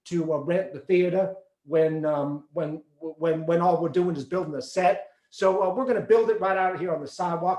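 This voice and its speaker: A man's voice: on the high side, darkish tone, reverberant, natural voice. A man voicing a brash male producer who hands out jobs with lots of hesitant fillers. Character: brash male producer, a scheming urban cowboy.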